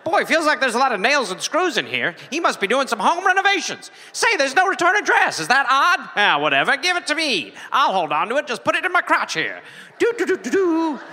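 Comic bit: a man as a lonely, oblivious neighbor, high and bouncy, with a live-room echo. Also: wildly swooping pitch, a little fast, bright, forceful tone, exaggerated voice. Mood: giddy. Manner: chirpy, oblivious, rambling. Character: giddy nosy male neighbor, middle-aged, lonely. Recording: live venue with hall reverb.

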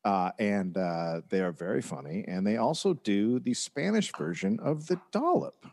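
Wry halting man telling history. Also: fairly low pitch, animated, creaky, darkish tone. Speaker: podcast host. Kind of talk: comedic history podcast storytelling.

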